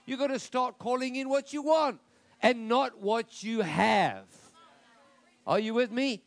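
High-voiced man preaching emphatically. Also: a little slow. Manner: emphatic preaching, rising to declarations. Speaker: pastor. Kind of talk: sermon.

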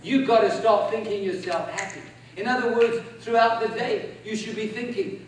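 Very high-voiced preacher in an echoey hall. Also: male voice, moderate pace, few pauses, recorded from a distance. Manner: emphatic, leads the congregation in call-and-response. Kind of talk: sermon.

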